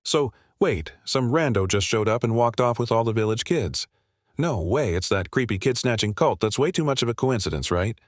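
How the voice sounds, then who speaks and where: A man's voice: mid-range voice, expressive, moderate pace, no room sound, studio quality, natural voice. A man reading the lines of a laid-back young male hero who talks in breezy slang.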